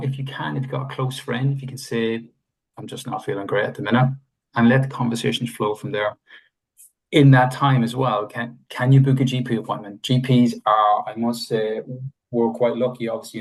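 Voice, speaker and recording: Man, husky voice, calm measured advice, podcast interview. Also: medium pitch, poor audio. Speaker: mental health advisor.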